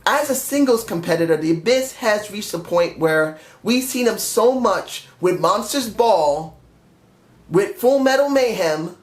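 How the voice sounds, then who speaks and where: A man's voice: high-pitched, animated, measured pace. Blunt man reviewing wrestling, echoey room. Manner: blunt, offhand, occasional swearing. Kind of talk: casual opinion review.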